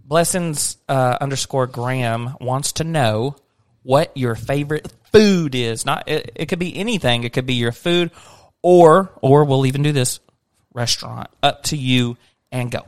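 A man's voice: medium pitch, unhurried, smooth, dry recording, clean studio sound. A man in his thirties hosting a casual family podcast with his daughter, joking and teasing. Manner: joking, teasing, bursts into laughs. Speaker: podcast host and dad.

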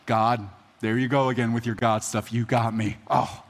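A man voicing a sulky, grumbling adult prophet in a sermon, in a lower voice than his own. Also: little pitch movement, moderate pace, long reverb tail, a little hiss or hum, natural voice. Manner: grumbling, sarcastic.

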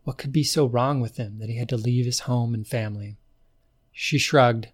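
A man's voice: medium pitch, fairly even intonation, normal speed. Man narrating a storybook podcast. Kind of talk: scripted narration.

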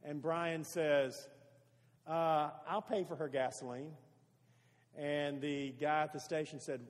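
A man's voice: a little high, fairly even intonation, measured pace, long reverb tail. A man preaching a sermon as pastor, earnest and stacking repeated phrases for emphasis.

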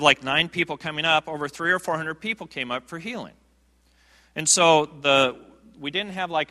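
In a church sanctuary, a man preaches a sermon and tells a humorous, self-deprecating story full of fillers and restarts. His voice is fairly high-pitched with a sharp tone, and the large sanctuary adds long reverb.

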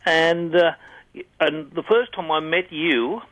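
A man's voice: a little high, slow, fairly bright tone, lo-fi sound. A man calling a radio show, reminiscing in a chatty, rambling way. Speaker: caller.

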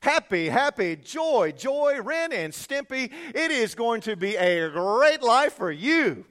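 Man doing a loud, slow, high-pitched hype preacher, cartoonishly eager. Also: big pitch swings, heavily acted. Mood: gushing. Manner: loud, drawn-out, exaggerated cheer. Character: hyped-up salesman preacher, male adult, over-eager.

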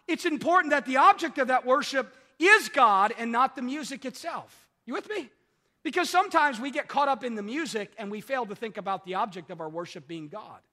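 A man's voice: extremely high pitch, bright, forceful tone. A man preaching a sermon, repeating key phrases and checking in with the congregation. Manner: repetitive call-and-response preaching, asks "are you with me". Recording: long hall reverb.

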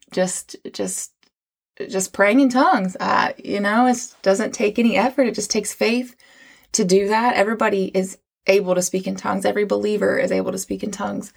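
A woman's voice: mid-range voice, steady tone, moderate pace, vocal fry, breathy edge. A woman hosting a faith podcast, telling her own spiritual story in an earnest, rambling way with many restarts. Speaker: podcast host. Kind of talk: casual faith podcast testimony.

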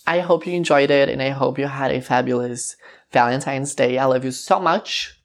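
A woman's voice: very deep voice, moderate pace. A woman hosting a casual song reaction vlog, chatty and gushing, with lots of fillers. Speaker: vlog host.

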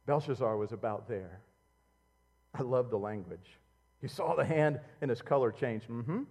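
A middle-aged man preaching a sermon as a pastor, swinging between loud emphatic outbursts and quiet, low, intimate passages. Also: animated, normal speed, in a large hall.

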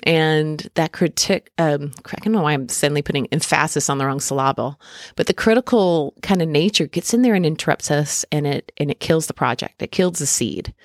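A woman's voice: deep voice, brisk, no room sound. Woman host, casual self-deprecating chatter, dry close recording. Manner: chatty and self-deprecating, laughs often, lots of ums and likes. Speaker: podcast host doing a tarot reading. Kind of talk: casual spiritual podcast monologue. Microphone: podcast mic.

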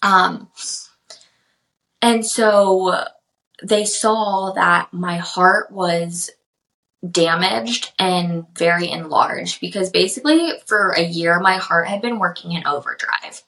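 A woman's voice: fairly low pitch, takes it slowly, creaky, pushed and bright, poor audio. A young woman hosting a podcast, telling a personal story in a chatty way with many fillers. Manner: chatty, lots of "like" and "um", gets emotional in places. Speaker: podcast host.

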